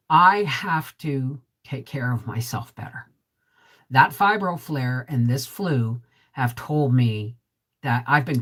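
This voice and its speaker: A middle-aged woman with a deep, resonant voice, hosting a casual vlog live stream. She chats straight to viewers, reads their comments and keeps asking "right?". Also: a bit bright, breathy edge. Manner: chatty, talks straight to viewers with frequent "right?". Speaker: homesteading vlog host.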